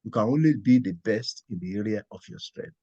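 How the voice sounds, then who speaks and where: A man speaks on a panel with a husky voice at middle pitch. The sound is close and dry, and he is emphatic, sometimes stumbling over a word. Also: animated, brisk, mellow, no room sound, lo-fi sound. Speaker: panel guest, department leader. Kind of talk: panel discussion answer.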